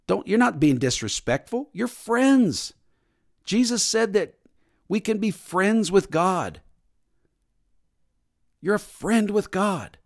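A man's voice: sits high, very animated, a little slow. A man preaching a sermon as pastor, emphatic and repetitive, sometimes mimicking stiff formal prayers.

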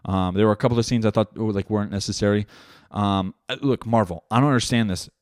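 Talking fast in a lowish voice, a young comedian rambles through a casual solo episode of his own podcast from a room at home. He's animated and profane, packing in filler words, and the sound is clean studio quality without echo.

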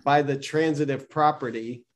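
A man's voice: mid-range voice, steady tone, moderate pace. A man from the Southern United States, co-hosting a casual faith podcast chat with a wry, joking manner. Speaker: podcast co-host, churchgoer.

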